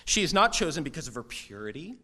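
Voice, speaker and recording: A male pastor delivering a sermon in a lively, conversational way, breaking into quick asides. His voice sits a little high for a man. He now and then slips into short mock voices when he quotes people.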